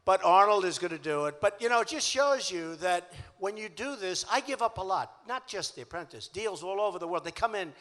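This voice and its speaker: An older man with a New York accent delivers a rambling, boastful campaign rally speech, circling back to repeat himself in a chatty way. His voice is high-set and bright, with a sharp, forceful edge. The recording carries the long echo of a large civic hall. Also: expressive, a little fast, hardly any pauses. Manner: boastful, repetitive, conversational. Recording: echoey hall.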